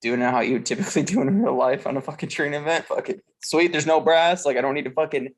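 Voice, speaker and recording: This podcast co-host is a man with a husky, middle-pitched voice who races through casual chat. His storytelling wanders and swears freely, packed with filler words and false starts.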